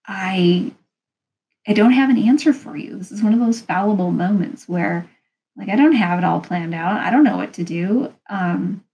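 A woman's voice: mid-range voice, moderate pace, warm tone, poor audio. A woman vlogger giving casual advice, talking frankly and rambling a little. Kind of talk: casual advice talk to camera.

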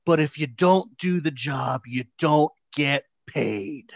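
A smug, sneering rich wrestling villain, put on by a man retelling a story, pushing his voice up high and loud in mocking taunts. The recording is dry and close, with no room around it. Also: takes it slowly, gravelly, no echo, full character voice.

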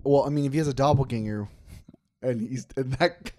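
A man's voice: mid-range voice, brisk, warm tone, dry recording. A man hosting a casual podcast with friends, teasing them and swearing freely. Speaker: podcast host. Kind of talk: casual chat among friends.

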